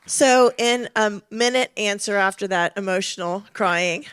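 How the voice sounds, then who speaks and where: A woman interviewing guests on a conference stage, asking energetic, prompting questions. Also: mid-range voice, measured pace, smooth, dry recording, studio quality.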